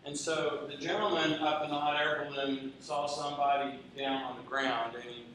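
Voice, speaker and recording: A man with a relaxed Texan accent addresses a room, moving easily between jokes and explanation. The sound is very roomy and comes from a distance, with a faint hum of ambience behind him. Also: fairly high pitch, moderate pace. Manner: folksy, joking storyteller. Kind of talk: presentation to an audience. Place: large echoey hall. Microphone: handheld mic after a distant start. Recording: echoey hall, distant mic.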